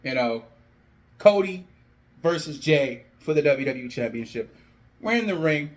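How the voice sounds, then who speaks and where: A young man with a slightly high voice talks through an imagined storyline in a relaxed, chatty way. He gets animated, slipping into quick spoken bits for each character as he narrates. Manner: animated, acts out characters' lines in quotes. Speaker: wrestling fan video host. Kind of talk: casual fantasy-booking storytelling.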